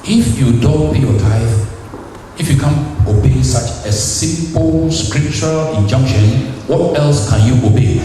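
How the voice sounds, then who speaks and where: A man's voice: mid-range voice, a little slow, mellow, soft background music. A man preaching a sermon in a church, teasing the congregation and asking them questions. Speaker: visiting preacher. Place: church hall. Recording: distant echoey church hall recording.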